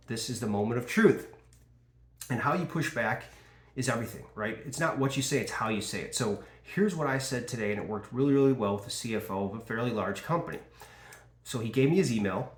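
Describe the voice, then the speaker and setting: A man coaching insurance sales, talking casually and acting out lines from calls. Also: mid-range voice. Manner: casual, animated, acts out call dialogue. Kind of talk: sales training talk. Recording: echoey room.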